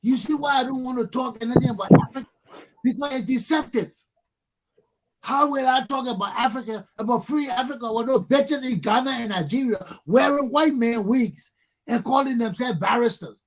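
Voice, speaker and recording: Angry husky-voiced man ranting. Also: extremely high pitch, normal speed. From Liberia. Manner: angry, profane, repeating himself, rhetorical questions. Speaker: talk show host. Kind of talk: heated talk show rant.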